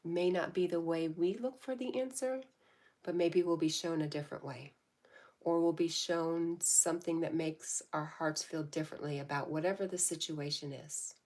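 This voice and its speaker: A woman hosting a casual livestream, reading viewers' comments aloud and answering in a gentle, affectionate, spiritually encouraging way. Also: sits low, fairly even intonation, moderate pace. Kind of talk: casual live-stream chat.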